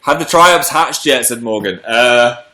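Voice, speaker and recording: Bright, chatty British man. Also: medium pitch, a little slow. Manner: chatty, playful, reads out viewer comments. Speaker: livestream host reading chat. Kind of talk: casual chat.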